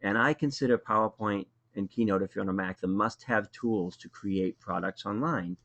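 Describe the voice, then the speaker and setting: A man with a Boston accent walks through a live webinar tutorial, speaking into a computer mic. His voice sits a little low, and his delivery is relaxed and conversational, with a scattering of ums. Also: moderate pace. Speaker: webinar presenter.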